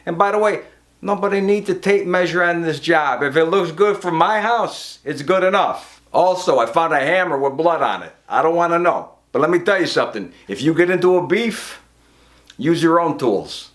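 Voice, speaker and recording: A man's voice: fairly high pitch, expressive, moderate pace, a bit bright. A brash, profane man, performing a comic monologue as a construction boss scolding his crew. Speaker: comedian playing a construction boss.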